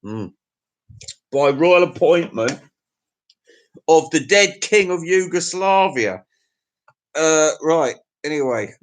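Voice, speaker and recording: A middle-aged man with an English accent hosts a loose livestream chat, wandering from one thought to the next. He talks crude and chuckles to himself, and his voice sits a touch higher than most men's. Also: animated, slow, long pauses. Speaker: livestream host. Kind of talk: casual chat to viewers.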